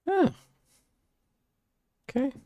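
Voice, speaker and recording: A man's voice: extremely slow, mellow, dry recording, lo-fi sound. A man streaming a video game and chatting casually with playful, joking asides. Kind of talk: casual gameplay commentary.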